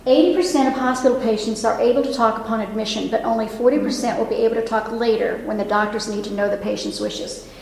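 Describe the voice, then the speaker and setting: A nurse past sixty-five addresses an audience in a library meeting room, speaking earnestly and breaking off for asides and questions to the room. Her voice is slightly high, gravelly and somewhat dark, steady in tone, and she talks fast with few pauses. The hall echoes and the microphone is set well back.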